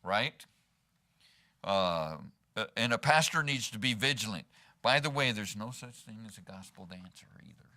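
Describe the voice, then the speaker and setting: In a church sanctuary, a pastor delivers a sermon in a fairly low, expressive voice with a bright, forceful tone at normal speed. His style is conversational, peppered with rhetorical "right?" to the congregation.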